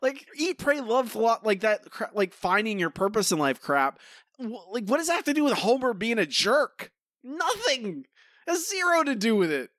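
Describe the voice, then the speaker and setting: A man's voice: extremely high pitch, sing-song, moderate pace, a bit bright, no room sound. Podcast guy ranting, lots of "like", voice all over the place, dry close mic. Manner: exasperated, ranting, heavy on "like". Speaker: podcast co-host. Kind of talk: casual episode review chat.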